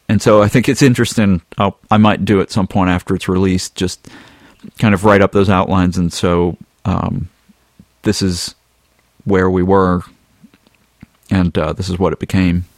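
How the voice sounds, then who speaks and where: A man co-hosting a casual podcast, reading listener emails aloud with a relaxed, chuckling manner. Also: low-pitched, dry recording, clean studio sound. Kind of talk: casual chat.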